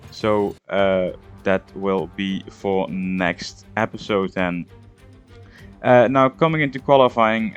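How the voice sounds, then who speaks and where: A man hosting a racing game video, talking through his gameplay casually with frequent hesitations. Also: on the low side. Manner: hesitant, full of "uh" and "um" fillers. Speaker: gaming video host.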